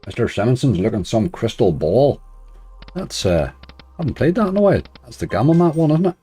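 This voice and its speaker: A man's voice: medium pitch, big pitch swings, fairly quick, slightly rough, soft background music. A man chatting casually on a live stream, greeting viewers and joking wryly while he plays. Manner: wry, laughs softly at his own remarks.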